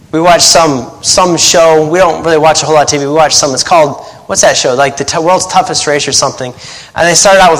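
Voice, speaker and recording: A man's voice: fairly high pitch, fairly bright tone, big-room sound, rough recording. A man in his thirties preaching a casual sermon as a missionary pastor, conversational and joking, acting out quotes. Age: 30s.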